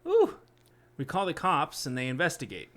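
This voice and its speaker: A man's voice: fairly high pitch, huge pitch swings, normal speed, fairly bright tone. A man co-hosting a podcast, reading creepy stories aloud in a casual way and breaking off with blunt, joking reactions.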